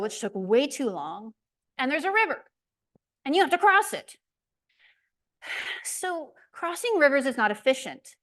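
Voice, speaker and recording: A woman giving a community presentation, telling a lively, self-deprecating hiking story. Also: a little high. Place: lecture room.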